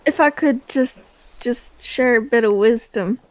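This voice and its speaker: A man's voice: very high voice, measured pace, no echo, voice pushed up. A man voicing a superstitious ship crew member who pleads urgently. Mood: pleading.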